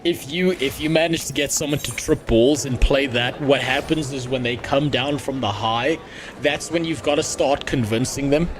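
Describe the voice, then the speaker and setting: A man's voice: mid-range voice, normal speed, a little hiss or hum. Rambling crude male game streamer. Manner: rambling, crude, jokey, with frequent restarts. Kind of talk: casual gaming stream chat.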